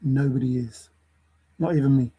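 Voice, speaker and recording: A man's voice: medium pitch, steady tone, normal speed, dark tone, husky, poor audio. A man ranting to camera in a lecturing way, repeating his points for emphasis. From England. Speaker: vlogger. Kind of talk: opinion rant to camera.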